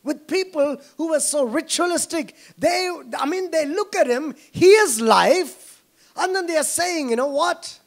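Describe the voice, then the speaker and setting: High-voiced Indian pastor preaching. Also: male voice, lively intonation, unhurried. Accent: Indian English, Tamil. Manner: preaching with constant rhetorical questions to the congregation. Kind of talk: sermon.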